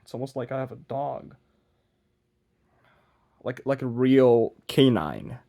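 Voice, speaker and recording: A man's voice: medium pitch, expressive, slow pace, gravelly, mellow. Young guy vlogging while he tinkers, kinda mumbly and self-deprecating, voice bounces up and down a lot. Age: young adult. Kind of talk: casual rambling vlog while working.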